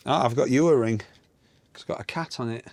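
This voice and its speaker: A man's voice: medium pitch, a little fast, creaky, darkish tone, no room sound. Man, casual jokey van chat. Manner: jokey, reads jokes aloud with chuckles. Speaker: co-host.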